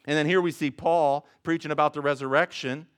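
A male pastor preaching a sermon, with big swings between loud and soft and jokes along the way. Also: a little high, fairly even intonation, a little fast, clean tone.

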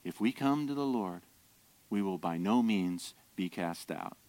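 Emphatic male preacher, smooth voice. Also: deep voice, unhurried, dry recording. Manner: animated, emphatic preaching with rising intensity. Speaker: pastor. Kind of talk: sermon.

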